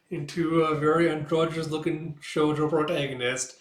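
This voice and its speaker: A man's voice: fairly high pitch, little pitch movement, moderate pace, few pauses. Guy doing a chill comic read-through, swears a lot, echoey room. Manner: casual, laughing, swears freely. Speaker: comic book reviewer. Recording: roomy echo.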